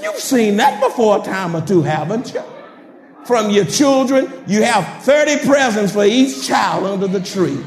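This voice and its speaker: A male preacher with a high voice that swoops all over its range, delivering a sermon in a long-echoing church hall. He calls out to his congregation with laughing asides and climbs into shouted, sing-song peaks. The sound reaches the mic from a distance, washed in reverb. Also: big pitch swings, unhurried.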